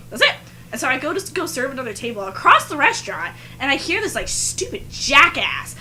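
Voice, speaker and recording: A young woman in her twenties, a podcast co-host, telling a story in animated casual chat full of "like". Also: high-pitched, fairly quick, a little hiss or hum.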